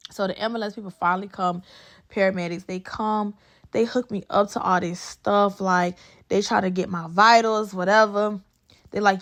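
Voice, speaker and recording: A woman's voice: medium pitch, fairly even intonation, moderate pace, fairly bright tone. Chatty young woman telling a storytime. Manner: chatty, emphatic, talks to viewers as y'all and girl. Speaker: beauty vlogger. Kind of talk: casual storytime to camera.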